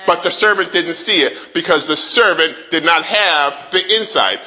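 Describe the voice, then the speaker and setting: A man preaching a sermon in an animated way, drawing call-and-response from the congregation. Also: fairly high pitch, normal speed, hardly any pauses, low-quality recording. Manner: dramatizes the king's rant in a rising voice.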